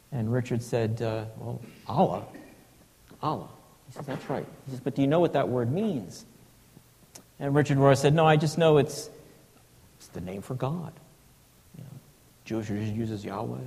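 Male preacher, mid-pitched, thoughtful and unhurried, recorded in a reverberant church. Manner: slow and reflective, with hushed breathy passages. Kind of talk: sermon.

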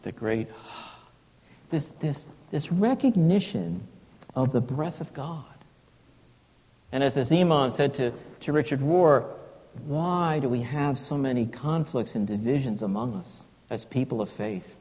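A man preaching a sermon, slow and reflective, sometimes dropping to a hushed, breathy tone. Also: mid-range voice, expressive, long reverb tail.

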